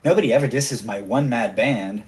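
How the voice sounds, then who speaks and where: A man's voice: medium pitch, moderate pace, lightly acted. A man voicing a boastful, giggling male pirate first mate who plays a one-man band, taunting his foes. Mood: cocky.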